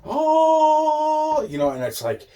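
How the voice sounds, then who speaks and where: Guy rambling thru a story, low mellow voice, swears nonstop, keeps trailing off. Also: normal speed. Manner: meandering, heavy swearing, trailing off into repeated fillers.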